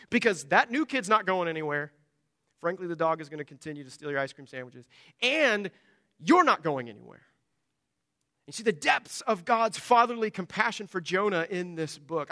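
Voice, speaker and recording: A man preaching a sermon in an animated way, acting out short voices of children and God. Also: high voice. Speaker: pastor.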